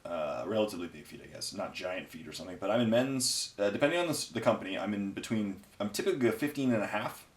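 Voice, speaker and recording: A tired man chats through a painting session in a low, rambling voice. He is offhand and amused at himself. The room gives his voice a clear echo. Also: lively intonation, fast talker. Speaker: painting channel host. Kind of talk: casual chat while painting miniatures. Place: home, near a garage. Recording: roomy echo.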